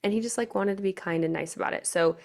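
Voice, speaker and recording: A young woman hosting a motivational podcast as a pageant coach, chatty and energetic, often asking her listeners questions. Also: mid-range voice, fast talker. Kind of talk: motivational solo podcast talk.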